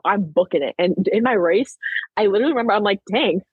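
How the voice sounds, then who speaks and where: Husky young woman telling a story. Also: mid-range voice, quick pace, no room sound, phone-quality sound. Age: late teens. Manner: chatty, peppered with "like", animated retelling. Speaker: podcast guest, track athlete. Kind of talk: casual storytelling interview.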